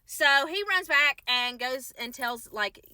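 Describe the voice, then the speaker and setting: Bright, animated woman telling a ghost story. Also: sits high, takes it slowly, clean tone, no room sound. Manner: animated, profane, keeps checking in with 'okay?'. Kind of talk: casual profane storytelling.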